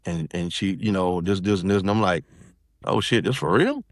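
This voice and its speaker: A middle-aged South Carolina man, guesting on a podcast, tells a personal story in loose, rambling casual talk full of restarts and fillers. His voice is deep and his speed normal. The studio-quality recording has no room sound.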